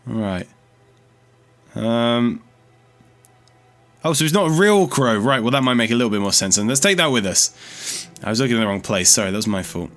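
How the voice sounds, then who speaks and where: A man's voice: medium pitch, lively intonation, normal speed, pauses often, fairly bright tone. A man giving casual gameplay commentary as a let's play host, chatty and thinking aloud as he explores, easily startled.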